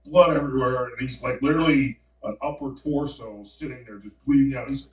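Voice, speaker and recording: A man telling a long, animated story in casual slang, full of fillers, on a podcast. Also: medium pitch, a little fast, hardly any pauses, dull audio. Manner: animated, slangy dream retelling with many fillers. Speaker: podcast guest. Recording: roomy, distant mic.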